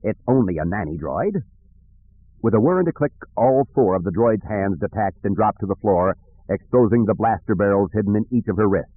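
This audiobook narrator is a man with a fairly low voice, delivering scripted narration at a steady, even storytelling pace. The sound is dry and tinny, much like a phone recording.

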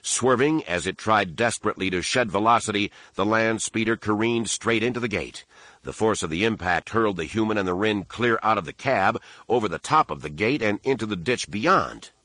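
A man narrating an audiobook in a steady, measured storytelling manner. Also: on the low side, no echo. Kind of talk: scripted narration.

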